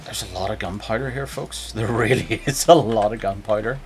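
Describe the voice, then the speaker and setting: A man's voice: lowish voice, a little fast. A man chatting and joking casually while streaming a game. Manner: joking, rambling, playful. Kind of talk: casual gameplay stream chat.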